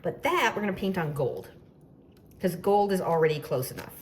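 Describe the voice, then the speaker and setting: Low-pitched chatty woman demonstrating. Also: expressive, moderate pace, noisy background. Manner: chatty, self-deprecating, playful asides. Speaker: baking tutorial host. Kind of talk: casual demonstration.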